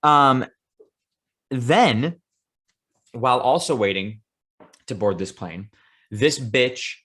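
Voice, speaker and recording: A man co-hosting a casual podcast, telling a travel story at an easy, average pitch. He swears freely and speeds up through his profane, animated asides. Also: takes it slowly. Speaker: podcast co-host.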